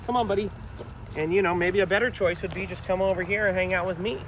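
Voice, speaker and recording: A man with a fairly high voice explains dog training outdoors. He speaks in an encouraging way and keeps calling his viewers folks. Faint street noise and passing vehicles sit behind him. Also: fairly even intonation, fast talker, a bit bright. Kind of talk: outdoor training talk to camera. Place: outdoors in a town.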